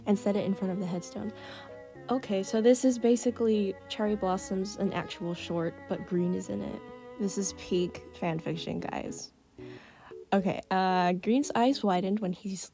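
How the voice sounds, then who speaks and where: A chatty young woman reads her old stories aloud, stopping to laugh and comment. Her voice is mellow and dark-toned with a gravelly edge. Faint music sits under her. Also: mid-range voice. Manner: chatty, giggly, reacts to her own writing. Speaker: creator reading her old fanfiction. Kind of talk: casual reading aloud with commentary.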